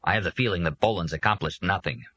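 A man's voice: deep voice, fast talker, bright, forceful tone, husky, no room sound, full character voice. A man doing an anxious, irritable drunk boss. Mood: grumbling. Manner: stuttering, grumbling.

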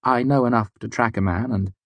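A man's voice: medium pitch, brisk, no echo, voice pushed up, lightly acted. A man reading an audiobook, voicing a young male courtier who speaks formally and deferentially. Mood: polite, deferential.

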